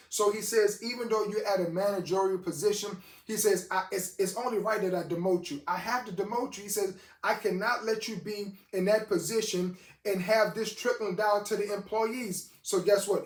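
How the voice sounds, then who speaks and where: A man's voice: high-pitched, reverberant. A man preaching a sermon as host of his own show, telling a story with lots of quoted dialogue. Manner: animated storyteller quoting others in dialogue.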